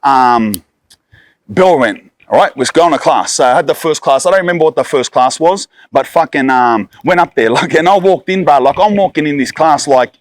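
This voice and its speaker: A man's voice: fairly high pitch, lively intonation, moderate pace, dry recording, studio quality. Aussie man telling a yarn, swearing hard. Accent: Australian. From Sydney, Australia. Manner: blunt, heavy swearing, street slang, lots of "bro". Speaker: storyteller guest. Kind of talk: casual storytelling.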